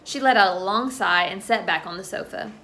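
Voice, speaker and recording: Bright-voiced woman reading a children's book aloud. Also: mid-range voice, a little fast. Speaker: storybook reader.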